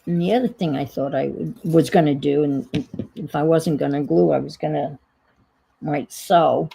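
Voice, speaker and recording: A woman's voice: sits low, normal speed, vocal fry, dark tone, slightly rough, low-quality recording. A woman hosting a casual crafting stream, thinking aloud and rambling in a self-deprecating way as she works. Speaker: crafting livestream host. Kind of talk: casual chat while crafting.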